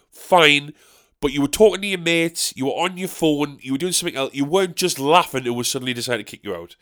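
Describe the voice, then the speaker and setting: A man from South Shields with a North East English accent, a stand-up comedian talking in a casual monologue, ranting and swearing with sharp, high-pitched outbursts of disbelief. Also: animated, quick pace. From South Shields, England.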